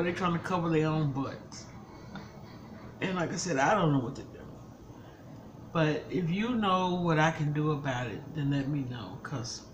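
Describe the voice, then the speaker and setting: A deep-voiced older woman, a grandmother who runs a mukbang vlog, talks casually to her viewers while upset and pleading for advice. The recording quality is low.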